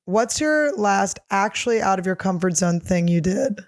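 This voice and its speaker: A woman's voice: mid-range voice, expressive, normal speed, no echo, studio quality. A woman comedian in her thirties, answering listener questions in a casual solo chat, blunt, crude and self-mocking.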